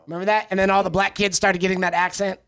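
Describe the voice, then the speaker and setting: A man's voice: high-pitched, level tone, very fast, a bit bright, clear, resonant tone. A man co-hosting a martial arts podcast, chatting casually and riffing with jokes and teasing. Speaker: podcast co-host. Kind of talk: casual chat.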